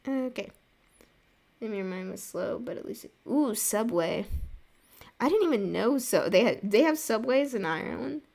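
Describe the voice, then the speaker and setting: A woman's voice: fairly high pitch, expressive, normal speed, creaky, darkish tone. A young American woman chatting casually on her livestream while drawing, reading viewer messages aloud and rambling with lots of "like" and small laughs. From United States. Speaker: art streamer.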